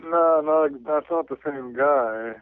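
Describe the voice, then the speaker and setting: A man chatting casually and retelling scenes with lively laughter. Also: on the high side, takes it slowly, clear, resonant tone. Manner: animated storyteller who laughs often and retells scenes. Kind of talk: casual chat. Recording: tinny radio transmission, dry.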